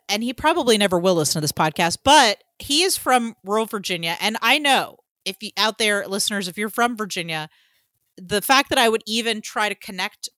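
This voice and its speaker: A woman's voice: medium pitch, fairly bright tone, no echo. A woman from Georgia co-hosting a podcast, chatting casually with many fillers and some swearing. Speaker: podcast co-host. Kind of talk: casual chat.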